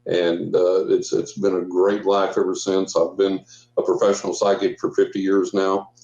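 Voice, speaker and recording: A man's voice: low-pitched, completely flat delivery, normal speed, a little mellow, reverberant, muffled recording. A man in his sixties, a guest psychic, telling a long story in a casual rambling way with restarts and quoted dialogue.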